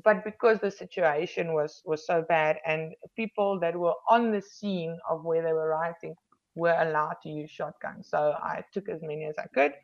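South african lady cop just chatting, lots of ums, kinda lower voice, muffled lo-fi audio. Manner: frank, chatty, frequent ums and restarts. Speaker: police officer. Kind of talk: casual interview storytelling. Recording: slightly dull lo-fi recording.

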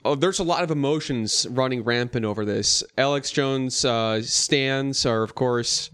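Male podcast host, smooth clear voice, jokey and steering the chat. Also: medium pitch, measured pace, fairly bright tone, dry recording. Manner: jokey, steers the topics, laughs often. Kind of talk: casual chat.

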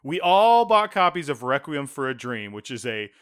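A man's voice: mid-range voice, sing-song, a bit bright, clean tone. A man in his thirties co-hosting a casual podcast chat, talkative and laughing between his stories. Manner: chatty, laughing, quick asides. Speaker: podcast co-host.

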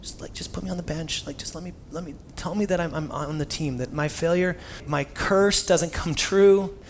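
A man's voice: a little high, measured pace, a little hiss or hum. A man preaching and voicing a remorseful grown man who pleads hesitantly to be forgiven and accepted. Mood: pleading.

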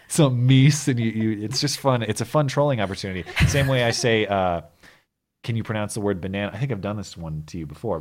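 A man co-hosting a podcast in casual chat, joking in a deadpan, trolling way. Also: on the low side. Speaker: podcast co-host.

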